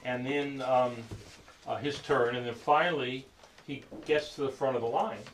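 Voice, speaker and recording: A man telling a story to a group in a halting, conversational way, full of fillers, acting out the quoted lines. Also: mid-range voice, fairly even intonation, a little hiss or hum, poor audio. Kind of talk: casual spoken storytelling.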